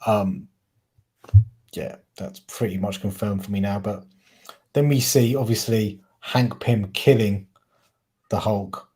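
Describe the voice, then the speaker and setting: A man's voice: fairly low pitch, slow pace, pauses often, darkish tone, husky. A man with a Cockney accent, co-hosting a casual chat and often stopping to correct himself mid-sentence. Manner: rambling, self-correcting, often trips over words. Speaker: podcast co-host.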